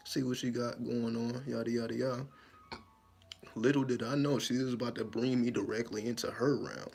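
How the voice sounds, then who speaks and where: A man in casual talk, telling a vivid dream story in an animated, profane way and acting out his own scared lines. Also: mid-range voice, a little fast, vocal fry. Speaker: spiritual storyteller.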